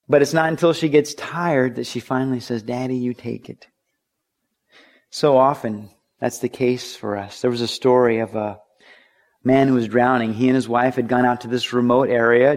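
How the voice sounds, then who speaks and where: A middle-aged pastor preaches in an easy, conversational voice with a pitch that is neither high nor low. He slips into the voices of the people in his stories and rises to urgent pleas. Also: darkish tone. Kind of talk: sermon.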